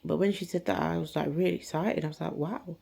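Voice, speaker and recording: A woman's voice: lowish voice, fairly even intonation, quick pace, vocal fry, warm tone. A woman telling a personal story in a casual, rambling way, full of fillers and restarts. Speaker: faith channel host.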